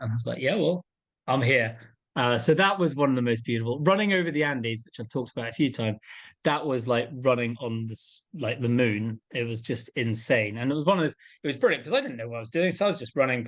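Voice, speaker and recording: A man being interviewed, telling his adventure stories in a casual, animated way and acting out the voices of people he met. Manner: animated, acts out quoted voices with big pitch jumps. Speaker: interview guest, endurance adventurer.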